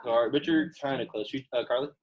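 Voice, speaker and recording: A man's voice: mid-range voice, fast talker, highs cut off. A young man teaching a Latin class in a classroom, chatty and casual, full of "like" fillers. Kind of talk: classroom lesson.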